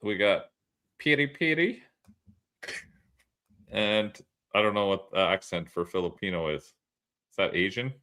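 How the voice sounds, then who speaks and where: A man's voice: deep voice, fairly even intonation, a little fast, fairly bright tone. A man co-hosting a podcast in casual, joking banter, swearing and laughing often. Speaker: podcast co-host.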